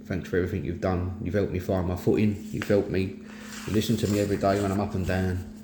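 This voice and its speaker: Speaking quickly in a deep voice with a level tone, this middle-aged Cockney man from East London talks bluntly and candidly about his mental health as host of a mental health talk. His personal monologue is earnest and plain-spoken, captured in an echoey room where faint noise can be heard.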